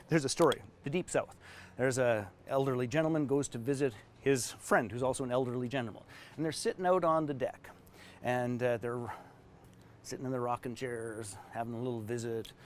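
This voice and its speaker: A man giving an online business training session in an emphatic, animated way while drawing diagrams. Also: mid-range voice, slight background noise. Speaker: business coach.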